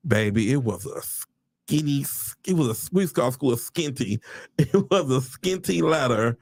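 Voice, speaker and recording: Animated gravelly man livestreaming. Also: medium pitch, normal speed. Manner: animated, preacher-like exclamations, addresses viewers as y'all. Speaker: realtor livestreaming to followers. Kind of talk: casual livestream chat.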